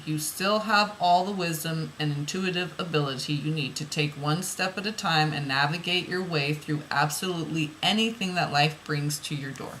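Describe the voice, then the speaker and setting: A woman's voice: sits low, a bit bright, a little hiss or hum, poor audio. A woman reading oracle card messages aloud, then musing about them in loose, rambling asides that repeat phrases.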